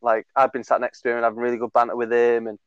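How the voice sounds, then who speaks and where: Speaking very fast in a smooth, fairly bright, monotone mid-range voice, a twenty-something man co-hosting a podcast tells a long, rambling story. He laughs, swears, and fills it with fillers in this casual chat. There's no room sound, and the audio is lo-fi.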